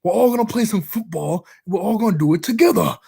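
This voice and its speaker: A loud, rallying football coach bellows a team pep talk, as a man puts him on. The voice is pushed up high and strained above a plain speaking voice. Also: animated, fast, creaky, breathy edge, heavily acted.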